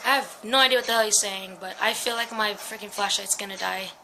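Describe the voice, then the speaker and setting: Speaking briskly in a steady, medium-pitched voice, a young woman hosts a horror game let's play from her home against a noisy background. She's scared and twitchy, letting out swears and screams as she talks to her viewers and to her dog.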